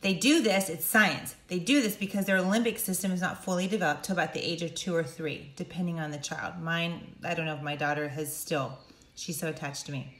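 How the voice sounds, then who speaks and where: A middle-aged woman coaching viewers directly, emphatic and animated, acting out quotes in sudden high voices. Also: brisk, reverberant. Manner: animated, emphatic, acts out quotes with big pitch jumps. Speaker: speaker and coach. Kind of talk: direct-to-camera talk.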